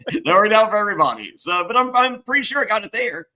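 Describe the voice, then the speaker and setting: A man in casual chat, telling a story with energy, swearing freely and jumping up high to act out what others said. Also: quick pace. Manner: animated, swears, acts out other people's lines in high voices. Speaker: guest.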